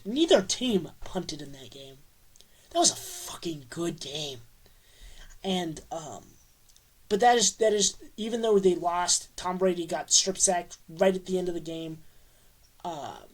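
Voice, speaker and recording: A young adult sports fan ranting to camera, rambling and excitable, with a steady stream of "like" fillers. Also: mid-range voice. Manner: rambling and excitable, heavy use of "like". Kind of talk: casual rant to camera.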